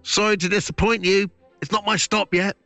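A man voicing a quick-witted young female ninja cat from a children's storybook. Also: very deep voice, very animated, slightly rough, faint music behind, full character voice. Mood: cocky. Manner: quick-witted, self-assured.

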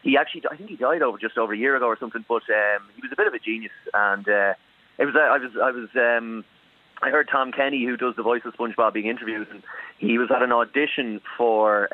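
A man's voice: mid-range voice, no echo. Man on a tinny phone line. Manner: chatty, laughs easily, storytelling. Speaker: voice actor guest. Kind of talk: casual radio interview by phone.

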